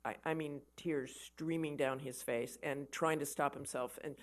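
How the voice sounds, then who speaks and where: A woman giving a conversational lecture to an army audience, telling stories with animated emphasis and often repeating words as she starts a thought. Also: low voice, normal speed. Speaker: guest lecturer, war correspondent. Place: lecture event for an army association.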